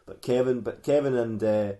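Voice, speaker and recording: A man co-hosting a comedy podcast, telling a story in a rambling, giggly way with lots of halting restarts. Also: mid-range voice, steady tone, warm tone. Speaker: podcast co-host.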